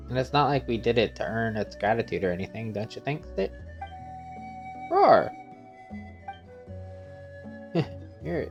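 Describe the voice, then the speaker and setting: A man's voice: medium pitch, muffled recording. A man hosting a gaming channel, playfully reading every character's dialogue aloud himself while playing and laughing often.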